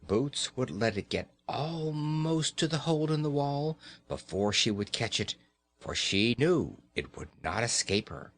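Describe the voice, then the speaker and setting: A man reads a children's story at an unhurried pace, his pitch rising and falling a great deal as he tells it. His delivery is slow and very expressive.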